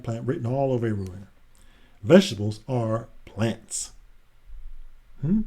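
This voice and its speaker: A man's voice: medium pitch, dark tone. A man reading a children's picture book aloud in a casual, chatty way, adding asides between pages.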